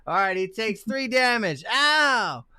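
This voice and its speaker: Chatty man running a tabletop game, bright, dry close mic. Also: on the high side, lively intonation, normal speed, no echo. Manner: loose, chatty, swears casually. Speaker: game master.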